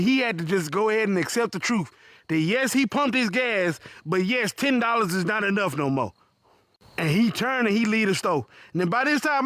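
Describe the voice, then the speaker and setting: A man telling a profane comic story in an animated voice full of punchy asides. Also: sits high, no echo, clean studio sound. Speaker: comedic storyteller.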